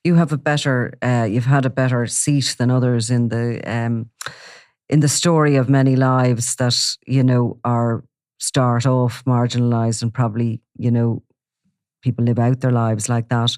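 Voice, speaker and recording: A man's voice: medium pitch, level tone, a little slow, darkish tone, no room sound, studio quality. A man hosting an interview, asking probing questions and summing up his guest's points. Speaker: interviewer, podcast host. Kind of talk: conversational interview.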